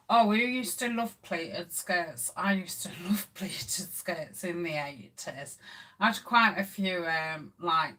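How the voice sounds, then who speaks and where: A woman's voice: medium pitch, fairly bright tone. A middle-aged woman hosting a casual craft live stream, chatting with viewers and reading their comments with plenty of ums. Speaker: craft channel host.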